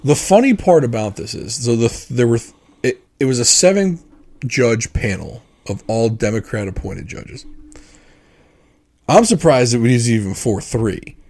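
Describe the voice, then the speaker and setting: A man's voice: mid-range voice, lively intonation, a little slow, darkish tone. A man co-hosting a casual podcast chat, explaining things in an opinionated way with frequent fillers and restarts. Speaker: podcast co-host.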